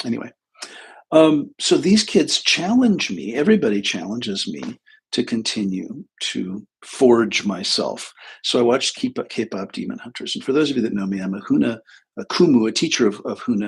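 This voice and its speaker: A man's voice: lowish voice, vocal fry, breathy edge. A male therapist talking casually on a livestream, chatty and self-deprecating as he tells funny anecdotes.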